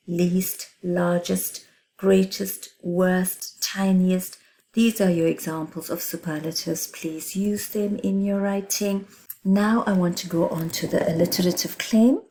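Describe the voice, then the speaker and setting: Emphatic woman teacher, warm low voice. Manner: emphatic, explains with examples and checks in with "right?". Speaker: English teacher. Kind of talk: exam revision lesson.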